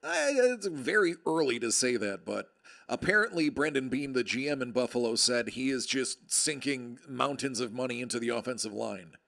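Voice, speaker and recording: A man's voice: medium pitch, expressive, normal speed, vocal fry, a bit bright. A man hosting a card break livestream, chatting casually and joking with viewers in a rambling way. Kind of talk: casual chat.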